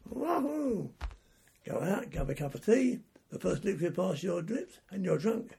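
Gravelly, raspy old man telling war stories. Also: sits high, lively intonation, normal speed, mellow. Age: older. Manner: rambling anecdotal telling with restarts. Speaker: war veteran interviewee. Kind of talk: oral history storytelling.

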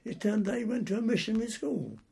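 A man's voice: high voice, expressive, fast talker, warm tone. An older man, a war veteran, telling rambling stories from his service in an oral history interview, often repeating and restarting words. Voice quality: gravelly and raspy.

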